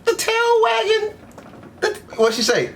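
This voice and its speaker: Excitable man reacting to an anime. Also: very high-pitched, unhurried, gravelly, faint music behind. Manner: slangy, excitable, talks back at the screen. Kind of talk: casual reaction commentary.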